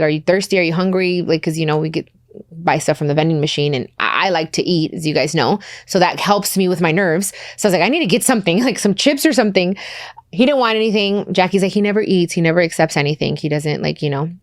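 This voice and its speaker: A woman's voice: fairly low pitch, no room sound, clean studio sound. A woman podcast host in her thirties telling a personal story candidly and emotionally, acting out the dialogue as she goes.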